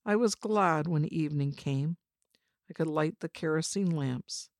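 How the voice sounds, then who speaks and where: A woman narrating a first-person memoir story in a measured, reflective way. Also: deep voice, no room sound, clean studio sound. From China.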